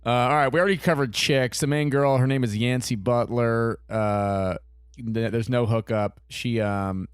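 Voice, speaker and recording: A man hosting a podcast in casual chat, lively and prone to swearing and laughter. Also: medium pitch, normal speed, clean tone, no echo, studio quality. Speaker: podcast host.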